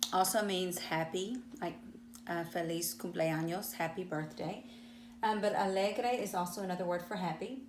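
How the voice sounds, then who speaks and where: Patient Southern woman teaching a class. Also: medium pitch. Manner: patient, explanatory, asks the class questions. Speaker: Spanish teacher. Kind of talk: classroom lesson to students. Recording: echoey room with faint hum.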